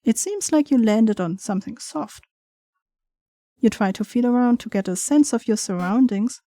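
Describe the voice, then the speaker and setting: A woman's voice: on the high side, expressive, moderate pace, dark tone, dry recording. A young woman playing through a game, reading its text aloud with chatty, giggly asides. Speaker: gaming streamer.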